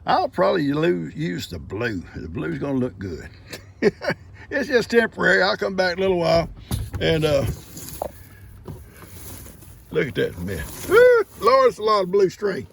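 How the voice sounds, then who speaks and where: A man's voice: fairly high pitch, big pitch swings, normal speed, vocal fry, pauses often, a bit bright, a little hiss or hum. An older man, a farmer and host, chatting folksily and chuckling often as he narrates his work outdoors by a creek. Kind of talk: casual vlog narration while working.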